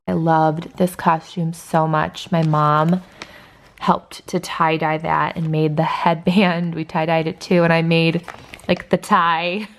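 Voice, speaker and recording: A woman's voice: fairly low pitch, a little hiss or hum. A young woman vlogging casually to camera from home, chatty and full of "like" fillers, teary as she talks. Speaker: lifestyle vlogger. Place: at home indoors.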